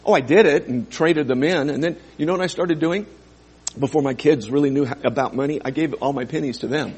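A male pastor preaching a sermon, dropping to quiet asides and rising to loud, emphatic scripture quotes. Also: on the high side, fairly quick, husky.

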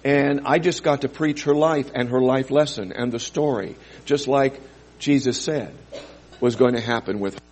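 A male pastor preaching a sermon, dropping to quiet asides and rising to loud, emphatic scripture quotes. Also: medium pitch, normal speed, husky.

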